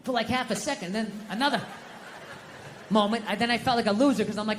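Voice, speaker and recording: A middle-aged man doing a stand-up comedy set, animated and swearing as he rants. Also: high voice, fast, pauses often, in a large hall, a little hiss or hum.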